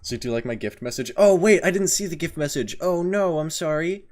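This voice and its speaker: Excitable male game streamer. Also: a little high, brisk. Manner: excitable, joking, reacting to chat. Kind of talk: casual live-stream chat.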